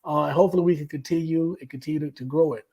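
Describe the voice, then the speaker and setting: Guy on a livestream, higher voice, earnest, keeps repeating himself. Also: fairly even intonation, very fast, dark tone, slightly rough, low-quality recording. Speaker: livestream co-host, author. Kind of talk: casual livestream chat.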